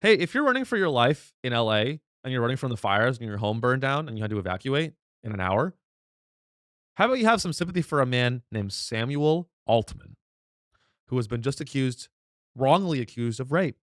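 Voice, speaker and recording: A man's voice: medium pitch, sing-song, brisk, fairly bright tone, dry recording. Sarcastic man ranting, dry close sound. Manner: mock-outraged, ironic, rambling with restarts. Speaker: comedy podcast host. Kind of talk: sarcastic comedic rant.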